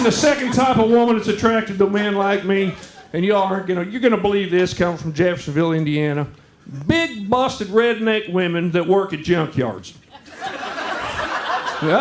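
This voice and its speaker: A man's voice: sits high, slight background noise. A man doing a stand-up comedy routine, teasing the audience with a drawl. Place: comedy club stage. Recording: echoey club room. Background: audience laughter.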